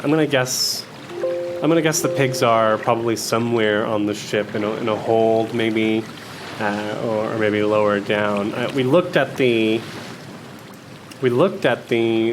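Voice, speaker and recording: Slow, rambling man narrating a tabletop game. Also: on the low side, background noise. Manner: rambling, with many restarts. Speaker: game master.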